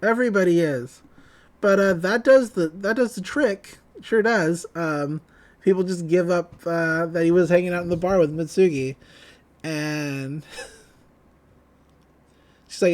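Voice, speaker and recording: High-voiced man recapping an anime. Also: measured pace, pauses often. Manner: retells scenes, quoting characters in loose paraphrase. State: just woke up. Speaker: podcast co-host. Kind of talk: casual anime recap chat.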